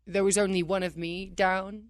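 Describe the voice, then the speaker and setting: Animated woman telling wrestling stories. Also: mid-range voice, normal speed, no echo, clean studio sound. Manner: animated, laughs often, acts out quotes. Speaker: wrestler guest. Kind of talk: casual radio interview storytelling.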